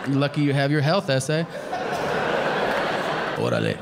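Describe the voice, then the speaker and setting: A man's voice: medium pitch, lively intonation, a little fast, heavy background noise. A man doing a stand-up comedy set, telling a story in a laid-back way and acting out the dialogue. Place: comedy club stage.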